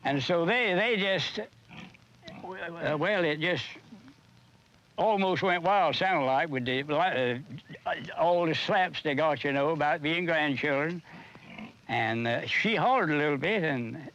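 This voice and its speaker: An older man, telling a story in a halting, stumbling way in a documentary interview. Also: a little high, a bit bright, a little hiss or hum. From North Carolina. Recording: dull lo-fi old film sound.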